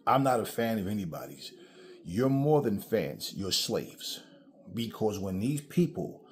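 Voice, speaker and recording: A man's voice: lowish voice, breathy edge. A man giving a blunt, profane commentary rant straight to his own camera, preaching at his viewers. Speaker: commentary vlogger. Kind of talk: casual ranting commentary.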